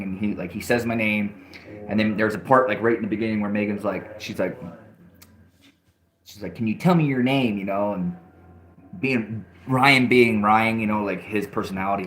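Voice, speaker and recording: A man's voice: fairly low pitch, a bit bright, a little hiss or hum. A man vlogging, telling a story casually, with many restarts and fillers and frequent swearing.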